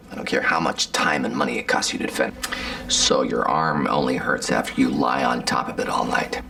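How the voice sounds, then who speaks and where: Sarcastic TV doctor, American accent, very deep gravelly voice, crisp edge, distant TV audio. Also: male voice, fairly even intonation, fairly quick, pushed and bright, full character voice. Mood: sardonic. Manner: dry, sarcastic, low mutter. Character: gruff sardonic male doctor on a TV drama.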